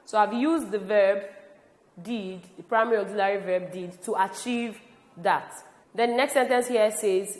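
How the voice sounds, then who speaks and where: A woman from Nigeria teaching a grammar lesson, speaking slowly and deliberately and stressing each example word. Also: medium pitch. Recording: roomy with long reverb.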